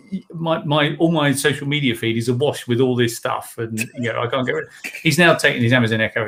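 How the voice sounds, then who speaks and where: Male co-host, anecdotal, mid pitch, light background noise. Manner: anecdotal, animated storytelling. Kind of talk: casual live chat.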